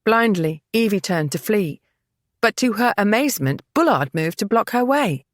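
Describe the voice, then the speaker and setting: A woman's voice: medium pitch, lively intonation, moderate pace, no echo, studio quality. Woman narrating a dramatic romance novel. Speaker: audiobook narrator. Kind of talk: scripted narration.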